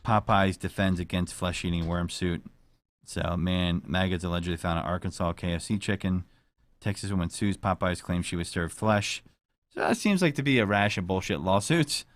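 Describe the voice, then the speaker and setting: A man's voice: low-pitched, normal speed, no room sound. A man hosting a casual podcast chat, rambling and joking with crude language. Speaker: podcast host.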